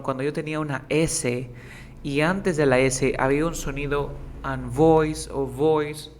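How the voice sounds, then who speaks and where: A man who is a native Spanish speaker teaching English pronunciation, patiently repeating words for a student to drill. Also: medium pitch. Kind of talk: one-on-one pronunciation lesson.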